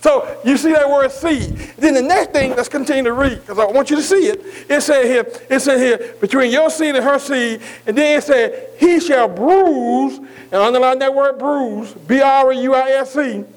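Man, preacher, very high voice, sermon, spells words letter by letter, call-and-response questions. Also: moderate pace, few pauses, poor audio. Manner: asks the congregation "am I right?" again and again.

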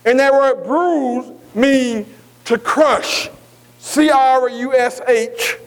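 A man preaching a sermon, who keeps asking his listeners "am I right?" and slowly spells out key words letter by letter. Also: extremely high pitch, low-quality recording. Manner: asks the congregation "am I right?" again and again.

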